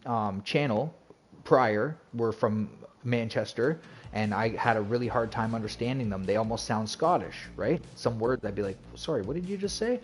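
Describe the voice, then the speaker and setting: A man's voice: lowish voice, normal speed, slight background noise. A man streaming and chatting casually to viewers, telling a rambling story with restarts and laughs. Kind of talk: casual chat.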